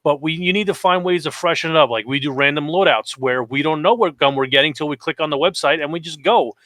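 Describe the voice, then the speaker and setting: Guy on a gaming podcast, kinda high voice, acts out everyone's lines when telling stories. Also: fast talker, no room sound. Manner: animated storytelling, acts out quotes. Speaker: podcast co-host. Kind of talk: casual podcast chat.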